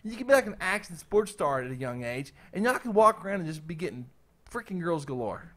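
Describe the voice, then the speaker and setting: A man hosting a casual group chat, talking excitedly and pitching wild schemes in slangy speech. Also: a little fast.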